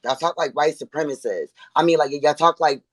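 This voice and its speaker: A woman from Buffalo, New York, calling in to a heated debate, talking in halting, rambling runs full of fillers. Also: deep voice, dry recording. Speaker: caller.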